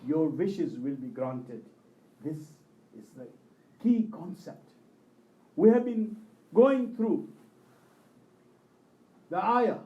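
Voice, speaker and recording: A man's voice: high voice, very animated, takes it slowly, pauses often, dark tone, dull audio. Impassioned male preacher in echoey hall. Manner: impassioned storytelling, voice rising and falling with emotion. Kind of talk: religious sermon. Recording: echoey hall, mic at a distance.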